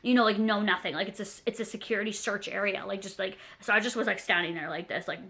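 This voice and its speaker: Bright, chatty young woman vlogger. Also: medium pitch, quick pace. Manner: chatty, rambling, many "like" fillers; animated and self-deprecating. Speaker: storytime vlogger. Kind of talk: casual storytime.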